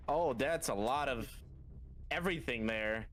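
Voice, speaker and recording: A man's voice: medium pitch, a little slow, a bit bright, slight background noise. A man playing a game with friends, laid-back and chuckling. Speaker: co-player. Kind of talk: casual gaming chat.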